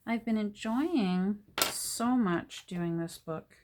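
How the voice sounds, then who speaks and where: A woman's voice: mid-range voice, slow, background noise. A middle-aged woman from Canada chatting casually and rambling as she works on a handmade journal, often trailing off mid-sentence. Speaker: journal maker. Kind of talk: casual chat while crafting. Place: home craft table.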